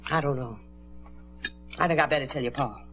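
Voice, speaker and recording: An actress playing a nagging middle-aged aunt in a 1950s television drama, falsely sweet and needling. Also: female voice, a bass voice, fairly quick, a bit bright, faint music behind. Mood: threatening.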